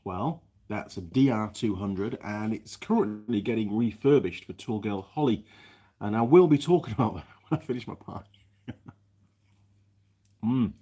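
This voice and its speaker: His voice is lowish and warm with a breathy edge, at a moderate pace. As a mechanic hosting a casual live chat from his workshop, he rambles and restarts often while reading what viewers comment.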